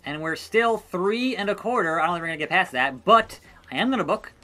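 A man's voice: sits high, expressive, fairly quick, pushed and bright. A man giving casual gameplay commentary, calling a wrestling match in a mock play-by-play style with sarcastic asides. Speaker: gaming YouTuber. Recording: faint music behind.

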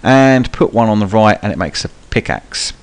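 A young man talks viewers through a game in a low, easygoing voice. His live commentary rambles, full of ums and restarts, with cheeky swearing thrown in. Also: lively intonation, normal speed, clean tone. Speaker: gaming channel host. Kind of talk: live gameplay tutorial commentary.

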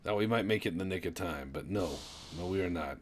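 Deep-voiced man with wry gameplay commentary. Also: quick pace, slight background noise. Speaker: gamer.

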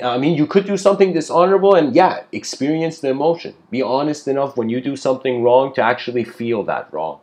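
A man's voice: medium pitch, darkish tone. Rambling man giving a spiritual talk. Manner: rambling, with frequent restarts and casual asides. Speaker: spiritual speaker. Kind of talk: improvised spiritual lecture.

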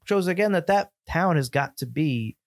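A man from upstate New York, co-hosting a casual film podcast, opinionated and animated, sometimes slipping into mock voices. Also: on the high side, moderate pace, no room sound, clean studio sound. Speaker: podcast co-host.

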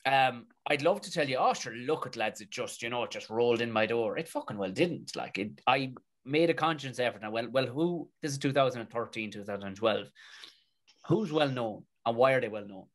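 A man with a Tipperary Irish accent, a comedian and actor, telling stories as a podcast guest in a lively, colloquial way full of swearing. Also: medium pitch, fairly quick. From Tipperary, Ireland. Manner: animated, swears freely, colloquial. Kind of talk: casual storytelling in a podcast interview.

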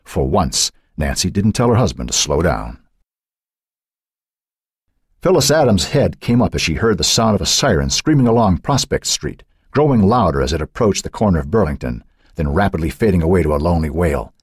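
A male narrator reads a suspense novel in a very deep, husky voice. His pitch moves widely and expressively. The sound is dry and close, with no room around it. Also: very animated, normal speed, dry recording. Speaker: audiobook narrator. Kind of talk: scripted audiobook narration.

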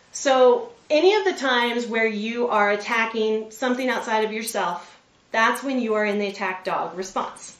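A woman in her forties gives an animated motivational talk, keeping her listeners with her by asking them to agree. Her voice sits fairly high for a woman, and it comes across from a distance in a roomy, echoing space. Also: normal speed. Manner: animated, checks in with listeners with frequent "right?". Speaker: veterinarian and public speaker. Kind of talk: motivational presentation. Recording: roomy sound from a distant mic.

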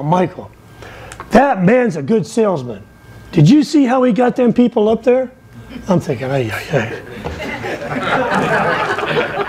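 A middle-aged man giving a lively sermon from the pulpit, telling stories with big swings in his voice. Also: low-quality recording. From England. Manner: animated, storytelling with wide swings in pitch. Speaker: missionary speaker.

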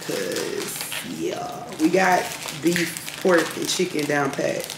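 A woman's voice: low-pitched, slow pace. A young woman, chatting casually to her viewers in a rambling vlog at home. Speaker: vlogger. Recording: echoey room with clear background noise.

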